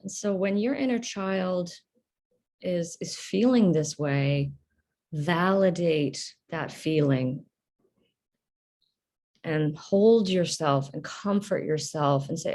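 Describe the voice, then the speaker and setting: A woman speaking in a reflective personal monologue. She talks in a hesitant, halting, earnest way, with many fillers and restarts. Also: lowish voice, darkish tone. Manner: earnest, emotional. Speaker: vlogger.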